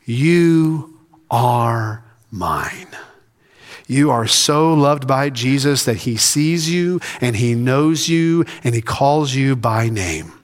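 A man's voice: mid-range voice, animated, slow pace, few pauses, in a large hall. A man preaching a sermon as senior pastor, building emphasis through repeated phrases. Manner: preaching with rising emphasis and repetition. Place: church sanctuary.

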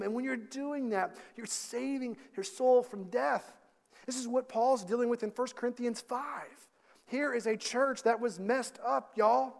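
A man's voice: very high voice, vocal fry. A man preaching a sermon as pastor, driving points home with repeated rhetorical questions. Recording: long hall reverb.

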